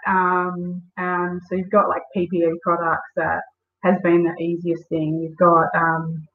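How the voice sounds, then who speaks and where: A woman's voice: lowish voice, monotone, measured pace. A woman being interviewed as a guest, telling stories with many fillers. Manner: storytelling, lots of fillers. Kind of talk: casual interview. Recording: tinny phone-like call audio.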